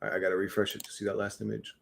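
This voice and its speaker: A man's voice: lowish voice, flat delivery, very fast, creaky, a bit bright, slight background noise. A man chatting casually on a livestream, rambling and swearing, often restarting his words.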